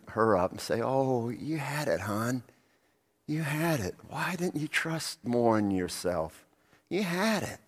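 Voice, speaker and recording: A male pastor preaching a sermon, telling the story vividly and asking rhetorical questions of the congregation. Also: deep voice. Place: church sanctuary. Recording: long reverb of a church hall.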